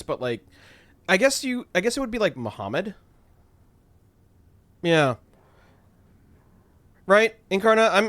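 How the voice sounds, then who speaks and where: A man's voice: mid-range voice, fairly bright tone, dry recording. A man streaming a game, chatting casually and rambling through joking explanatory asides. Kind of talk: casual live-stream chat.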